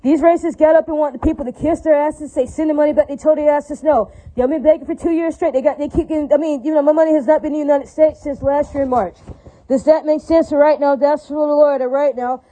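Fast, heated woman ranting. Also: high voice, fairly even intonation, mellow, low-quality recording. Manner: profane, heated, preachy, repetitive. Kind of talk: angry monologue rant.

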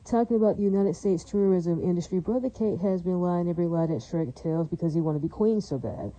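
A woman's voice: on the low side, a little fast, dark tone, no room sound, rough recording. A woman delivering a heated, rambling monologue, repeating herself and circling back to the same verbal tics. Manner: heated and defiant. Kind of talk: ranting monologue.

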